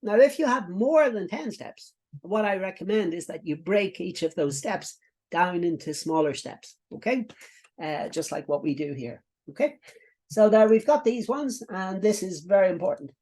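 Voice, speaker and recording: A man's voice: high voice, animated, normal speed, a little mellow. A middle-aged man teaching a coaching lesson to camera, giving instructions with many fillers, repetitions and asides. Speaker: business coach.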